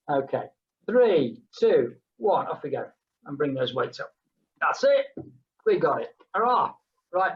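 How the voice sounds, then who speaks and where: A woman's voice: fairly low pitch, highs cut off. A woman leading a group exercise class, chatting between count-downs and humming playful sounds. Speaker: fitness instructor.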